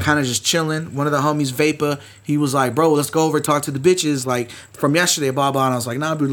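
A man's voice: fairly high pitch, fairly bright tone. A man co-hosting a podcast, telling a long profane party story in casual chat. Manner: profane, rambling anecdote with quoted voices. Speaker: podcast co-host.

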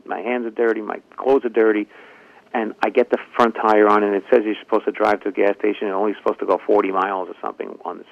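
In an interview, a ventriloquist and comedian tells a long story in a lively anecdotal way, acting out the quoted lines of the people in it. His voice is lowish, fast, and creaky, captured in a dry, lo-fi recording.

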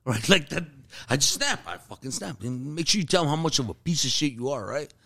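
An army sergeant tells a rowdy, profane story in casual chat. His voice sits a little high for a man, and he throws himself into the quotes he acts out. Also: big pitch swings, brisk, vocal fry, pushed and bright.

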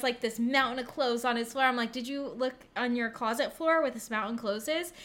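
Bright animated young woman storyteller. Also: a little high, quick pace, few pauses. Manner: animated storyteller, acts out quotes, laughs often. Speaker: podcast co-host. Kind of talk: casual storytelling chat.

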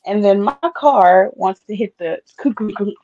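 A woman's voice: medium pitch, normal speed, mellow, no room sound, lo-fi sound. A woman co-hosting a casual podcast chat, chatty and playful, laughing often. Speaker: podcast co-host.

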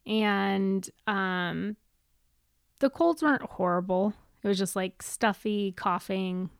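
A woman in her thirties co-hosting a podcast, chatting in a relaxed, teasing way. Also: medium pitch, takes it slowly, clear, resonant tone, no echo, clean studio sound. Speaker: podcast co-host. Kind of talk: casual chat.

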